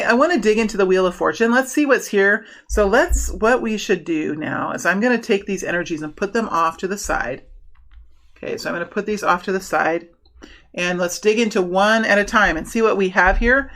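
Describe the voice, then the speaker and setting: Excitable woman doing a tarot reading. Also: medium pitch, a little fast. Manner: animated, breaks into excited bursts, many restarts. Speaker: tarot reader. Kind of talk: casual tarot reading monologue.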